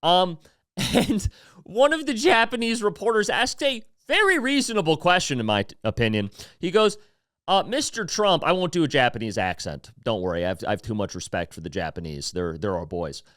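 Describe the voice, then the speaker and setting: A man's voice: fairly high pitch, expressive, fairly quick, a bit bright, dry recording, clean studio sound. A man hosting a casual commentary podcast, rambling and swearing with lots of fillers. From United States. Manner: profane, rambling, with many fillers. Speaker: podcast host.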